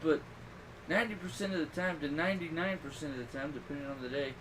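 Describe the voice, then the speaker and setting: A man's voice: on the high side, fast. A man co-hosting a casual podcast with crude, laid-back banter. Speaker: podcast co-host. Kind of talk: casual chat. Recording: distant mic with background hiss.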